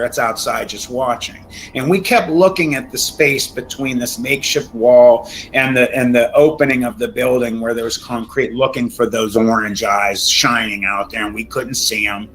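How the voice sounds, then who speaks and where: Middle-aged male guest, emotional and halting, retelling a terrifying true event with many restarts. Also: mid-range voice, a bit bright, low-quality recording. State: shaken, near tears. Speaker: storytelling guest. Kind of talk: recounting a true scary story.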